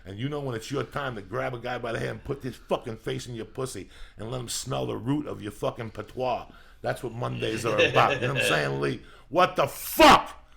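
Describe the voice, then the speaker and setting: A man hosting a podcast, delivering a loud, crude, comedic motivational rant in a studio, riffing and bursting into shouts. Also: mid-range voice, a little fast, vocal fry. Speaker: podcast host.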